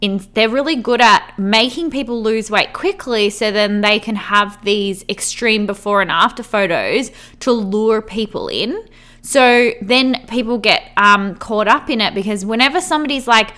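A woman's voice: on the high side, normal speed, pushed and bright. A young woman hosting a casual solo podcast, upbeat and encouraging, talking in a chatty way with lots of "like" as filler. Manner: chatty, heavy use of "like" as filler. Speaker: podcast host.

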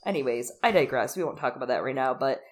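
A woman's voice: very deep voice, fast. A young woman co-hosting a casual podcast, animatedly recapping a TV episode and acting out the characters' lines with laughter. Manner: animated, gushing, acts out quotes with laughs. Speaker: podcast co-host.

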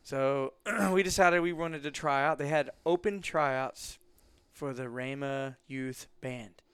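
Animated man telling stories. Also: slow, clear, resonant tone, dry recording, studio quality. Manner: animated, acts out quotes with big jumps in pitch. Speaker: guest. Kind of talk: casual storytelling.

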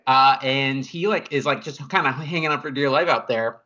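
A man with a bright, forward tone chats loosely about a film, walking through the plot step by step with plenty of "like" and "uh." The recording is somewhat dull and lo-fi. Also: mid-range voice, normal speed. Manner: laid-back storyteller, recaps plot with many fillers. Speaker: podcast co-host. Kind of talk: casual movie review chat. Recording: dull lo-fi sound.

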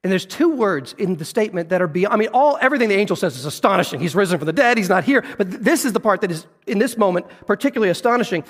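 A man preaching a sermon as pastor, earnest, dropping low and soft to stress a point. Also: animated, rapid-fire, hardly any pauses, long reverb tail.

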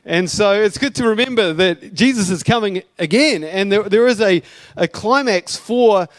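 Man preaching with a slightly high voice. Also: normal speed, no room sound. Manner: casual, chatty preaching with asides and light humour. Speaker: pastor. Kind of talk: sermon.

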